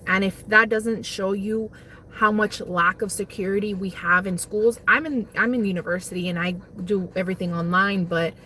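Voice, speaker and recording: A woman's voice: medium pitch, fairly even intonation, normal speed, sharp tone. Young woman, casual livestream chat, talks with her mouth full, phone mic, faint background hum. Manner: chatty, rambling, eats while talking. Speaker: livestream host. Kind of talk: casual livestream chat while eating lunch. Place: parked car on lunch break.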